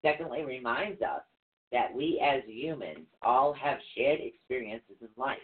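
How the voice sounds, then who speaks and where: A man's voice: medium pitch, moderate pace. A man teaching runes on a live show, patient and step by step, spelling out words as he goes. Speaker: rune teacher. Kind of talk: live-stream teaching with banter. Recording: tinny phone-like line.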